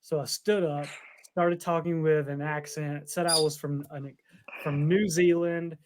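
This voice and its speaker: A podcast co-host with a slightly high voice and little pitch movement tells a long, rambling story at a measured pace, laughing often. It is casual chat, heard over a noisy background.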